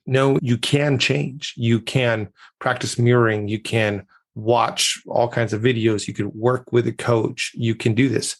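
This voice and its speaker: A man's voice: medium pitch, steady tone, unhurried. A man from the United States, a communication coach, giving confident, emphatic advice as a guest on a podcast interview.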